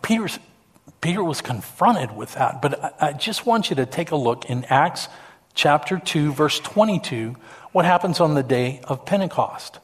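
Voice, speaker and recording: A man's voice: a little high, animated, normal speed. A male pastor preaching a sermon from a church stage, storytelling in an emphatic way with repetitions.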